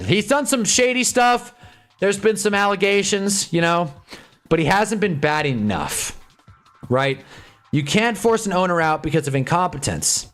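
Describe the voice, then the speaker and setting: A man's voice: a little high, a bit bright. Sarcastic rambling man on a live stream. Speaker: livestream host. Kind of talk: casual live-stream chat reacting to football.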